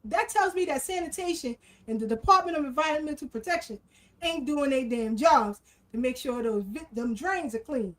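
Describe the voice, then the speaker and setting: A woman's voice: high-pitched, lively intonation, moderate pace. A woman hosting a casual livestream, energetically greeting viewers and repeating her greetings. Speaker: livestream host. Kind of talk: casual livestream shout-outs and chat.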